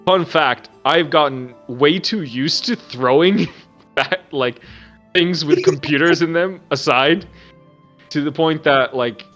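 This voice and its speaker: A man's voice: on the high side, slow, fairly bright tone. A man co-hosting a podcast in loose, rambling chat. He jokes and laughs as he goes, with faint music playing underneath. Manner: rambling, joking, laughs often. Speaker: podcast co-host. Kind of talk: casual chat.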